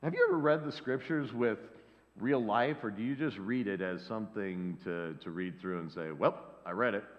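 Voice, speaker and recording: A man's voice: on the low side, moderate pace. A man preaching a sermon, acting out the voices of the people in the scripture story. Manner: lively, acts out the voices in the story. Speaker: pastor. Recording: dull lo-fi sound with long hall reverb.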